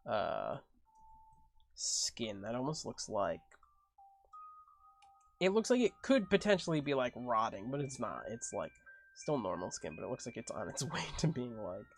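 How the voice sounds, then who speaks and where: A game master narrating a tabletop game, describing scenes in long, rambling runs full of fillers. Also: medium pitch.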